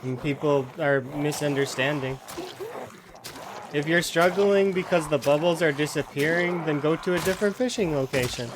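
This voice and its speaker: A man's voice: on the high side, moderate pace, noisy background. A man giving casual, rambling commentary while playing a game, often restarting his words and brushing off complaints. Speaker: streamer.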